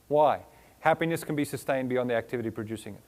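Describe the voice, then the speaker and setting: A man's voice: medium pitch, quick pace, a little mellow. A man with a foreign accent giving a motivational keynote to a live audience, firing off rhetorical questions and lists of words, with playful teasing. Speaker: motivational speaker. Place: stage before a live audience.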